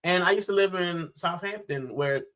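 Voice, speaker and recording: A man's voice: high-pitched, normal speed, fairly bright tone, poor audio. A man from Puerto Rico hosting a football channel's live stream, chatting casually and animatedly, with plenty of "bro".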